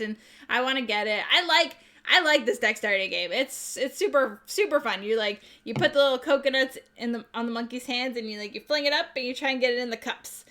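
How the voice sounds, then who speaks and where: Woman hosting a board game stream, kinda high, bright voice, rambly and chatty, answers chat as she goes. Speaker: board game channel host. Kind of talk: casual chat showing new games.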